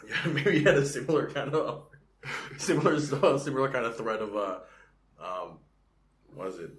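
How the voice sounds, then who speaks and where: A man's voice: medium pitch, normal speed. A man co-hosting a comedy podcast, telling stories in a casual, profane way and acting out voices in them. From United States. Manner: animated, profane, acts out voices in his stories. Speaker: podcast co-host. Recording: roomy sound with faint background noise.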